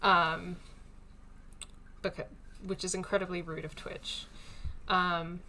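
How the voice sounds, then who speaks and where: A woman's voice: fairly low pitch, level tone, slow pace, bright, forceful tone, a little hiss or hum. A woman streaming a story game, chatting casually and thinking aloud with lots of fillers. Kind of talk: casual let's-play commentary.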